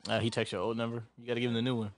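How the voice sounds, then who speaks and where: A man's voice: medium pitch, flat delivery, racing. A young man co-hosting a podcast in casual chat, teasing his friends. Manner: teasing, joking. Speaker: podcast co-host.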